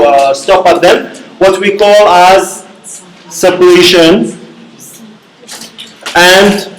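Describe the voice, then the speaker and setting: Male lecturer, high voice, slow deliberate delivery, recorded in a roomy hall. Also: slight background noise. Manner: repeats "okay?" to check understanding, slow and deliberate. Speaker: university lecturer. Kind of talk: classroom lecture. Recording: echoey classroom.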